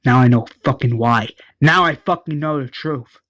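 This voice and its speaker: A man's voice: mid-range voice, moderate pace, fairly bright tone, highs cut off, close to an everyday voice. A man voicing a fierce adult woman warrior who swears bluntly while retelling a show. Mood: angry.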